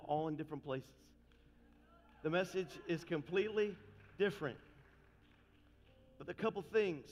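A man preaching a sermon as pastor, talking fast and frankly, then building into impassioned, fiery calls to his congregation. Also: on the high side. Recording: long reverb with faint music.

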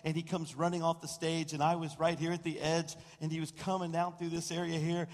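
Animated storytelling pastor in a reverberant hall. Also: male voice, a little high, fairly quick. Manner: storytelling, animated, mimics quoted voices. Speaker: senior pastor. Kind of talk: sermon. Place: church sanctuary. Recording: long reverb of a large room.

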